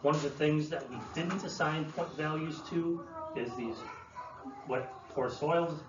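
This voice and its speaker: A man presenting to an audience, explaining in a relaxed way with many fillers and restarts. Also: fairly high pitch, measured pace. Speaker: land use planner presenting. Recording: roomy, distant, dull sound with faint room noise.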